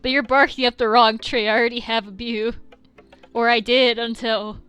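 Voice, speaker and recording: A woman's voice: a little high, level tone, normal speed, a bit bright, clear, resonant tone, close to an everyday voice. A woman voicing a vain, grieving old lady god from a video game, speaking in a coy, old-fashioned way. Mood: coy, wounded.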